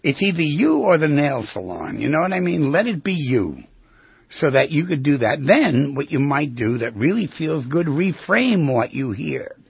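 A man hosting a radio call-in advice show, brash and fast, stumbling over his words. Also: fairly high pitch, sing-song, creaky, breathy edge, no room sound, highs cut off. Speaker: radio self-help host.

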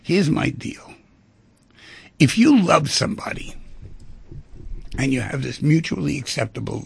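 Talking through relationships and emotions on his radio show, a middle-aged male host keeps it conversational and acts out small scenes with quoted voices. The voice is mid-range, creaky, and slightly rough, with no room sound.

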